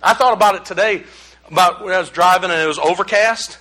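A man's voice: sits high, fast talker, sharp tone. A man preaching a casual sermon, rambling and conversational with folksy asides to the congregation. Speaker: pastor.

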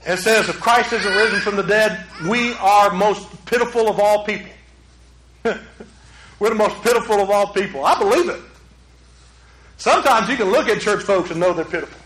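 High bright preacher, echoey room. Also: male voice, moderate pace. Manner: preaches with swings from loud urgent climaxes to hushed low passages. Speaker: pastor. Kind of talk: sermon.

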